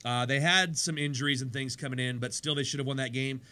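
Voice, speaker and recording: A man hosting a sports radio show in a studio, chatty and energetic, his voice worn from days of talking. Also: mid-range voice, fast talker, clean tone. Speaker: radio show host and pastor. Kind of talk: casual sports radio chat.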